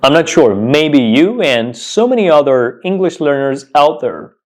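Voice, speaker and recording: A man teaching English pronunciation, saying each word slowly and clearly and repeating it several times. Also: a little high, animated. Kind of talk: pronunciation lesson.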